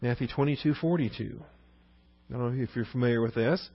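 A man's voice: medium pitch, fairly quick, breathy edge, no room sound, dull audio. A man preaching a sermon as a pastor, talking in a conversational way and asking rhetorical questions.

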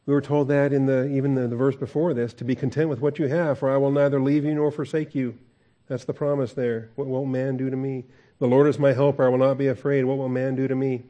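Male pastor, sermon, mellow warm tone, chatty, chuckles, asks questions. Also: medium pitch, lo-fi sound. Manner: conversational, chuckles often, asks the congregation questions.

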